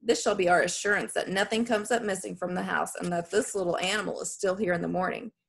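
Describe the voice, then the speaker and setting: A woman's voice: on the low side, fairly even intonation, fast talker, creaky, slightly rough. Woman voicing a haughty scolding foster mother. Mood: cold mocking. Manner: formal, haughty, scolding speech. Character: stern pompous middle-aged foster mother, female. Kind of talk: audiobook character voice.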